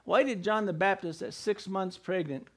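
A man's voice: high voice, normal speed. A male pastor preaching a sermon, emphatic and firing rhetorical questions at the congregation.

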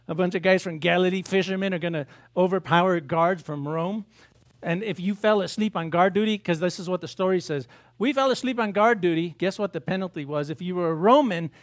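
High-voiced pastor preaching conversationally. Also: male voice. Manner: conversational preaching, rhetorical questions to the congregation; acts out biblical dialogue in raised voices. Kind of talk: sermon.

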